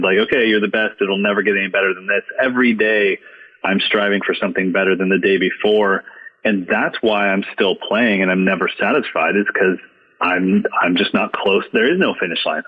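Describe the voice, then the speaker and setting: A man with a fairly low voice talks through his past as a drummer in a casual, storytelling way. He sounds earnest, reflective and quick to poke fun at himself. The audio is dull and lo-fi. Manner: earnest, reflective, self-deprecating. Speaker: drum educator, podcast guest.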